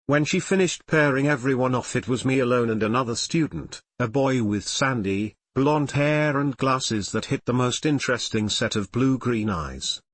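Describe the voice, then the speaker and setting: A man reads a fan fiction story aloud at an ordinary middle pitch. He keeps every character's lines in much the same voice as the narration. The recording is close and dry, with no room sound. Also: normal speed, hardly any pauses, no echo. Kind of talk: audiobook-style story reading.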